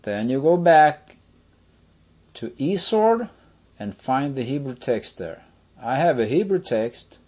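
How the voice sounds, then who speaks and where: Slow-talking man teaching, lo-fi sound. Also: medium pitch, very animated, darkish tone. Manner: slow, step-by-step explaining with questions to listeners. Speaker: Bible teacher. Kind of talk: screen-share tutorial lesson.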